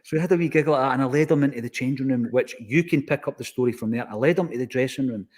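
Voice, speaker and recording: A man with a Scottish accent tells a story in relaxed podcast conversation. His voice sits in an ordinary middle pitch, and he acts out the lines he quotes from the people involved. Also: racing. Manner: animated anecdotal, acts out quoted exchanges. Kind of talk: casual storytelling.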